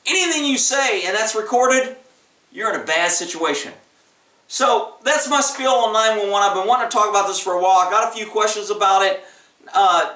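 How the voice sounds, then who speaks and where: Male cop, casual vlog; high, sharp voice, emphatic delivery; roomy sound with the mic set back. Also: far from the mic. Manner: blunt and emphatic, acts out quoted callers. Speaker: police officer giving advice. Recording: echoey room, voice off-mic.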